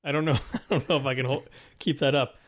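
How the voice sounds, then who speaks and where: A man co-hosting a casual film podcast, self-deprecating, laughing often and halting. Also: mid-range voice. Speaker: podcast co-host. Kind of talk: casual chat about films.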